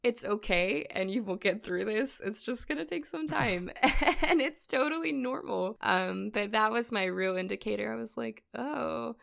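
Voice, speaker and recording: A woman's voice: on the high side, moderate pace, gravelly, few pauses, fairly bright tone. A woman co-hosting a podcast in casual chat, chatty and often laughing as she tells stories. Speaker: podcast co-host.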